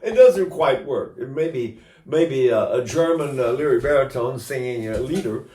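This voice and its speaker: A man's voice: mid-range voice, moderate pace, mellow. A man in his eighties giving an informal singing lesson as a voice teacher, talking in a chatty way with joking asides. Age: 80s. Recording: roomy echo.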